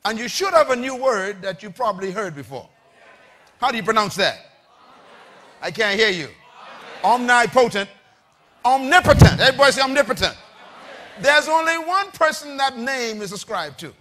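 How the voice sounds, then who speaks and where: Male preacher, very high, bright and piercing, animated pitch, call-and-response sermon that rises to shouts. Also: normal speed, pauses often. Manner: spells out words for the congregation.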